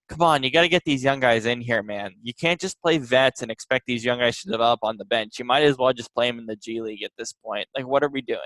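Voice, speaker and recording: A man co-hosting a casual sports podcast, his voice sitting at a middling pitch. He rants with animated exasperation, and the recording is dry and close with no room sound. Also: no room sound, poor audio. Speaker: podcast co-host.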